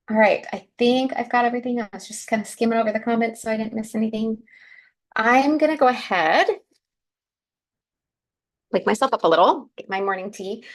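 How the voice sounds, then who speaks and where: Gravelly-voiced woman hosting a craft livestream. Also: on the high side. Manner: chatty, narrating each step as she works. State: groggy morning voice. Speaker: craft show host. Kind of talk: live crafting demonstration.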